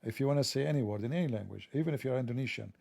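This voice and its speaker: A man with a gravelly, mellow voice talks through a satirical monologue in a mocking, sarcastic tone. The sound is dry and close, with no room around it. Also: medium pitch, racing, dry recording.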